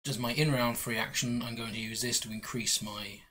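A man's voice: medium pitch, steady tone, brisk, sharp tone, slight background noise, rough recording. A man playing a board game with friends, chatting casually and jokingly narrating his own moves. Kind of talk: casual play chat.

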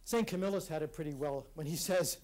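A man giving an earnest, reflective talk at a conference, speaking in a halting way with restarts. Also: a little high, a little mellow. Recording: live talk in a hall.

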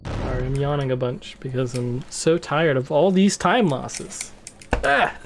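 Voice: medium pitch, expressive, a little slow, noisy background. A speedrun streamer giving playful, joking commentary while racing a friend.

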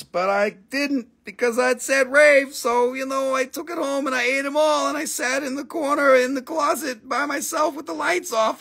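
A man runs a live crystal-selling stream in a casual, chatty way, joking crudely, swearing and calling out prices like an auctioneer. His voice is very high with vocal fry and a fairly bright tone.

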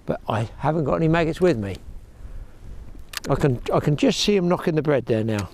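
A man's voice: a little high, animated, brisk. A middle-aged man chatting to viewers while fishing at a windy lakeside, wearing a clip-on mic. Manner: chatty, talks to viewers as "people" and "boys". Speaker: fishing vlogger. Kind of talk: casual commentary to camera. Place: outdoors at a lake bank, windy. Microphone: clip-on mic with lead.

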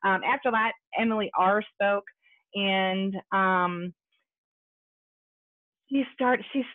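A woman's voice: mid-range voice, slow pace, dry recording. A woman telling her recovery story at a support meeting held over a video call, talking conversationally with lots of fillers and asides. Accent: American. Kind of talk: personal testimony at a support meeting. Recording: tinny phone-like call audio.

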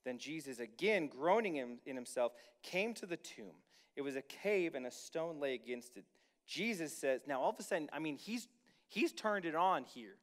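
A man preaching a sermon as pastor, reading scripture and then commenting casually to the congregation, slowing down to stress key lines. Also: fairly high pitch, lively intonation, fairly bright tone.

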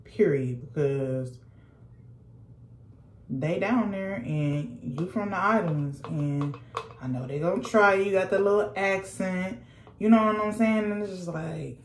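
A woman's voice: fairly low pitch, measured pace, roomy sound. A young woman, telling a sassy, slangy storytime while doing her makeup at home. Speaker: vlogger. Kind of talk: casual storytime chat.

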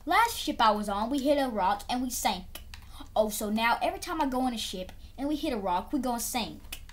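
Pushy mock-British game passenger played by a woman, put-on British accent, lively, rather high voice. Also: fairly quick, a little hiss or hum, close to an everyday voice. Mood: stubborn. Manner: pushy, repeats "mate", complaining.

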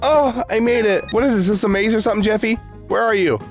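A man voicing Marvin, an exasperated, crass dad who yells and cracks crude jokes while playing a game. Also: high-pitched, fast talker, soft background music. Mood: exasperated, yelling. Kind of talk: gaming playthrough in character.

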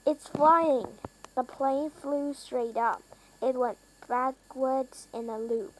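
A woman reads a children's storybook aloud, taking it slowly and carefully. Her voice sits high, and she stops to fix small stumbles. Her delivery is plain and steady. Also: low-quality recording. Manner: slow, careful reading with small slips and self-corrections; lifts pitch and volume for characters' lines. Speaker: reader.

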